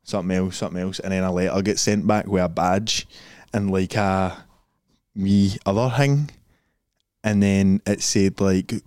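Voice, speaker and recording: A man's voice: deep voice, steady tone, measured pace, a little mellow, clear, resonant tone, no room sound, studio quality. A young man with a Glaswegian Scottish accent, chatting casually as a podcast host, rambling, swearing freely and laughing often. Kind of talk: casual chat.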